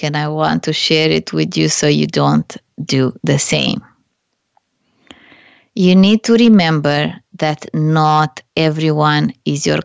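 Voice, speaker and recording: A woman's voice: deep voice, creaky, clean tone, no echo, lo-fi sound. A woman hosting a business coaching show, talking earnestly through her own stories, with hesitant restarts. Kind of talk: solo advice talk to camera.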